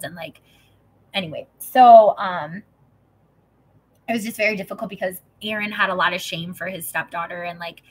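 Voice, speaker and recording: Woman in her thirties, chatty host, bright and slightly husky, lots of "like" and swearing. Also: on the low side. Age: 30s. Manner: chatty, peppered with "like", swearing, acting out quotes. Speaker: host reading and discussing a self-help book. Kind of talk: casual storytelling and book reading.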